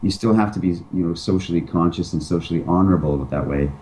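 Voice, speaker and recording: A man with a low, warm voice speaks as a guest in a relaxed interview. He is emphatic and often slips into acted-out pickup lines. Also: fast talker, low-quality recording. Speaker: dating advice guest. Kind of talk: casual interview talk.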